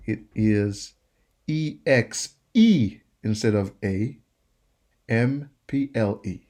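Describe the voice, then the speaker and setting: Male tutor, unhurried, repeats words patiently for learners. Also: on the low side, darkish tone. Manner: drills each word by repeating it slowly. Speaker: French teacher. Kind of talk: slow pronunciation lesson.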